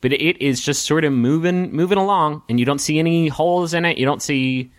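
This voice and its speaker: A man narrating as game master of a tabletop game, halting, with many ums and restarts. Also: on the high side, dry recording, clean studio sound.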